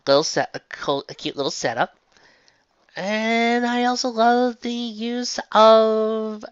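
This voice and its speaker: A woman's voice: dry recording, highs cut off. A woman reviewing an episode in easygoing, chatty talk. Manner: chatty, easygoing, with lively swings in pitch. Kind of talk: casual review chat.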